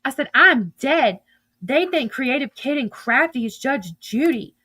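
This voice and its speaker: A woman speaking a bit high, reading text messages aloud with a steady stream of profanity and gossip. She breaks into laughter often as she recounts the exchanges. The sound is dry and close, with no room around her voice. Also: normal speed, no room sound. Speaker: social media streamer.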